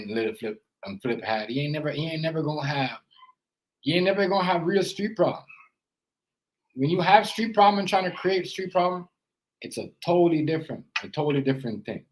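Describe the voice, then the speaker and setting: A father who makes reaction videos talks in a mid-range voice, rambling earnestly and leaning on "you know" and "as I said." He lectures sincerely about parenting, and the recording quality is low.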